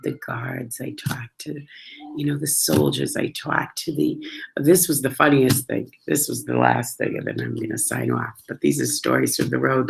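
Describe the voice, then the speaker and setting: A woman's voice: very deep voice, gravelly, a little hiss or hum, low-quality recording. A woman telling travel stories in a chatty, casual way, acting out the voices she quotes. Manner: chatty, acts out quoted voices, laughs often. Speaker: travel storyteller. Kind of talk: casual storytelling.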